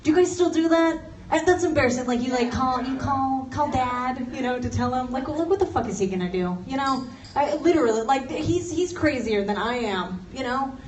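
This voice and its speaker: A young woman from Los Angeles with a high voice and moderate pace performs a stand-up comedy set, chatty and self-mocking, laughing through her lines. The venue is an office turned into a comedy space, recorded noisily with a distant mic in a roomy office.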